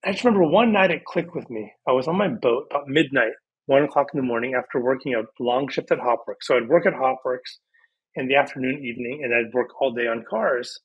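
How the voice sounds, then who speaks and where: A man in his thirties, a podcast guest on a video call, telling his story in a lively, casual way and acting out past conversations. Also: medium pitch, quick pace, breathy edge, muffled recording.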